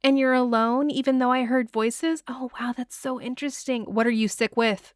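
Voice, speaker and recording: A woman playing a sharp, suspicious wife who turns sassy and sarcastic, poking holes in a neighbor's story. The voice rides a bit high and dry. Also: steady tone, moderate pace, no room sound, natural voice. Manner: sarcastic, needling.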